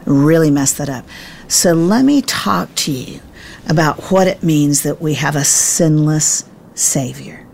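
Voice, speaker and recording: Low, gravelly-voiced woman Bible teacher. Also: a little hiss or hum. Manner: self-deprecating, emphatic, quick to laugh at herself. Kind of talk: animated storytelling in conversation.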